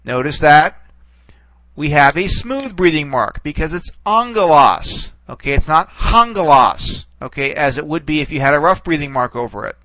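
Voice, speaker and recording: A man teaching a recorded lesson in a bright, somewhat high voice. He walks through each point slowly, checking in with "okay?" and "all right?", and trails off with repeated words while he types. The sound is dry and close, with no room around it. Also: dry recording, low-quality recording.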